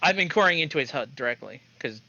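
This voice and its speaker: A man's voice: a little high, lively intonation, fast, gravelly, bright, forceful tone, no room sound, highs cut off. A man playing in a tabletop game, talking casually and joking, swearing freely. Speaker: player. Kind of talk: tabletop role-play chat.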